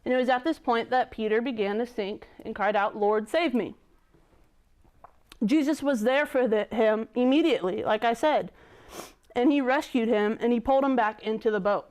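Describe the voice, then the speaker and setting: Clear-voiced young woman leading youth group. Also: on the high side, brisk, a little mellow. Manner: chatty, conversational, many "like" fillers. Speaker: youth leader. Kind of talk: casual youth sermon with scripture reading.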